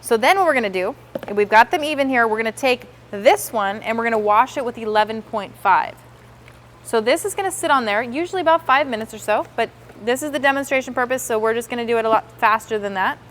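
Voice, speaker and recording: A woman walks her trainees through a product demonstration step by step. She talks with upbeat enthusiasm in a slightly high voice and slips into the customers' reactions as she goes. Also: quick pace, fairly bright tone, a little hiss or hum. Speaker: sales trainer.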